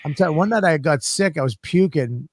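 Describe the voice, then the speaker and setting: Profane, animated man telling stories. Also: a little high, brisk. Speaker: podcast co-host. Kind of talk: casual comedic chat.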